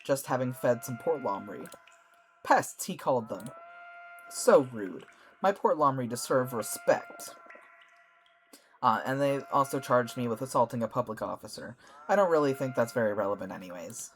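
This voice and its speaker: A man's voice: medium pitch, expressive, normal speed, slight background noise, natural voice. A man voicing a skeletal character in a game who theatrically complains about his unjust imprisonment. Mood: indignant. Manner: theatrical, indignant. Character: skeletal male animal-lover, indignant and dramatic.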